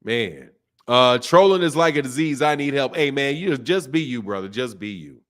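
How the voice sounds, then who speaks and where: A man's voice: medium pitch, animated, moderate pace, fairly bright tone. A man with a Southern US accent hosting a boxing live stream, talking casually and reading out chat messages in a laid-back, slangy way. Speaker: boxing channel host.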